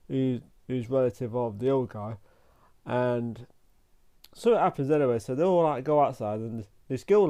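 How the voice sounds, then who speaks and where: A man giving a casual spoken film review, rambling and halting, often restarting his sentences and filling them with "like". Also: medium pitch, warm tone.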